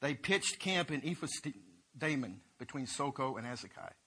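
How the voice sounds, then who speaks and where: A man's voice: mid-range voice, very animated, moderate pace, bright, forceful tone, husky. A man teaching a Bible lesson, retelling scripture in loose everyday talk.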